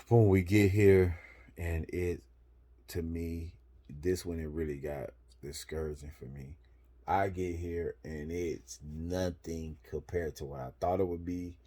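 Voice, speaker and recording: A man with a low, mellow voice tells a story in loose, profane slang. He comes from Florida. His talk rolls along with "boom" between each step. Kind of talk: casual storytelling.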